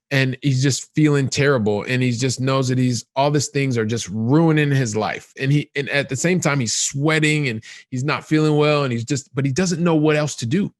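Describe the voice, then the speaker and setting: A man of middle pitch hosts a podcast and tells a long example story in an animated, looping way. He often repeats phrases for emphasis. The recording is dry and close, with no room sound. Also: moderate pace, hardly any pauses, no echo. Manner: animated, repetitive storytelling with many "and so" links. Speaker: podcast host. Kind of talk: storytelling explanation to guests.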